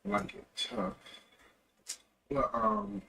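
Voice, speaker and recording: A man's voice: sits high, sing-song, slow, vocal fry, pushed and bright. A young man livestreaming, telling a rambling story in a loose, casual way and correcting himself as he goes. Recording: distant mic with faint ambient noise.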